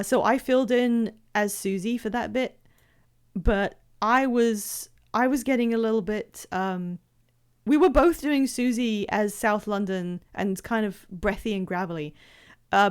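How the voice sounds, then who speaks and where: A woman's voice: mid-range voice, clean tone. A woman streamer chatting casually while playing a game, rambling with many fillers and restarts.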